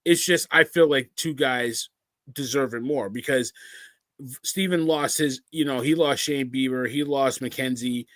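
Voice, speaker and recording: A man's voice: medium pitch, unhurried, fairly bright tone, no echo. A man co-hosting a podcast, giving easygoing, rambling opinions on baseball. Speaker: podcast co-host. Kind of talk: casual sports chat.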